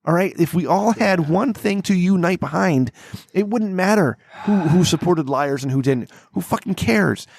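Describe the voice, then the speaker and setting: A man's voice: high voice, animated, normal speed, creaky, dry recording, studio quality. A man in his thirties hosting a rowdy drinking podcast, rambling and swearing freely between plugs. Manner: profane, rambling, loud and combative. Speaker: podcast host.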